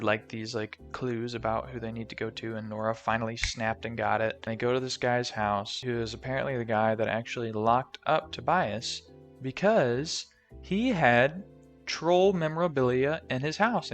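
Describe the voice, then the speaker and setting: Bright-voiced guy recapping a movie. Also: medium pitch. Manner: rambling and filler-heavy, jokey. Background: faint background music.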